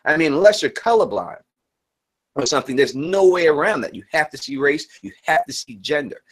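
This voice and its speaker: Man, live stream host, earnest casual talk, repeats and restarts, slightly higher voice. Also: animated, a little fast. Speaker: channel host.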